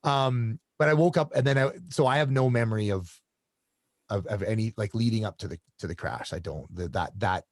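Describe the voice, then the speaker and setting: Low-voiced man telling his story. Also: brisk, no room sound, studio quality. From Canada. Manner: rambling, with many restarts. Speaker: coach and guest. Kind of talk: casual storytelling interview.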